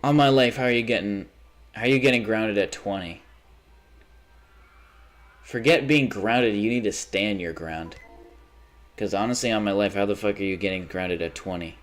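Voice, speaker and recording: Young male streamer, lowish voice, casual, rambling, foul-mouthed, quick temper. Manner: rambling, profane, quick to get heated. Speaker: livestreamer. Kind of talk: casual livestream chat while gaming.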